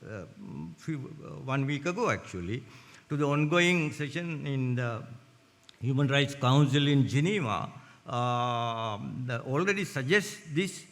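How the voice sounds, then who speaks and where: An older man giving a formal conference talk in a deliberate, measured way, with many hesitant fillers. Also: mid-range voice, expressive, fairly bright tone. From Sri Lanka. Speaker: conference speaker. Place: large conference hall. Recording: long hall reverb.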